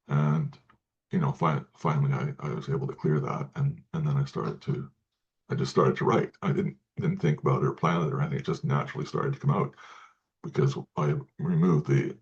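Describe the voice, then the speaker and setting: A man speaking as an interview guest, talking in halting sentences with many restarts and repeated words. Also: a bass voice, dull audio. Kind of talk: casual interview talk.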